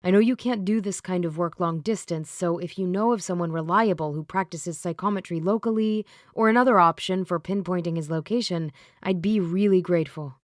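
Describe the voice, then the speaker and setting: A calm, reassuring young man, as a woman narrator voices him. He speaks evenly in a lowish, dry, close voice. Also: fairly quick, hardly any pauses, no echo, lightly acted.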